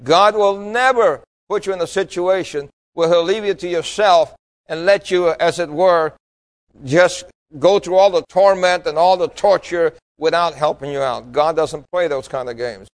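A pastor from New York City preaching a sermon, emphatic and full of rhetorical questions to the congregation. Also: male voice, fairly high pitch, normal speed, rough recording.

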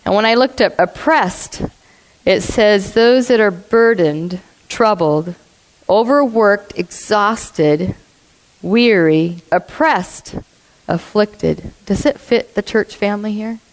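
A woman telling a story in a sermon, blunt and animated, acting out what people said. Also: mid-range voice, takes it slowly. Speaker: church speaker. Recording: long reverb of a hall.

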